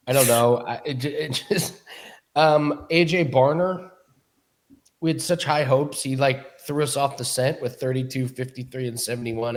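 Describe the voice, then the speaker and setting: A man who hosts a sports betting chat talks in an easygoing, conversational way and keeps handing the floor to his co-hosts. His pitch sits in the ordinary middle range for a man. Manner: easygoing, chatty, hands off to co-hosts. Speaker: sports betting podcast host.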